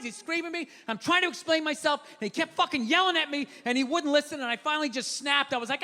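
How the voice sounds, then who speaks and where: A middle-aged man performing a profane, ranting stand-up set with sudden shouted bursts, on a stage before a live audience. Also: very high-pitched, expressive, a little fast. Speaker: stand-up comedian. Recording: reverberant venue with audience noise.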